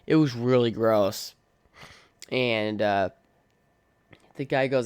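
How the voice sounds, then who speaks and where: A young adult man hosts a podcast, delivering a casual solo rant that is blunt, profane and opinionated, peppered with "like" and "um." His medium-pitched voice is smooth and unhurried, recorded in studio quality with no echo.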